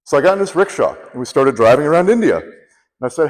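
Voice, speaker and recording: A man's voice: a little high, quick pace. A man giving a humorous storytelling speech, acting out the people he quotes. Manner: animated, acts out quoted people. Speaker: contest speaker. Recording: long hall reverb.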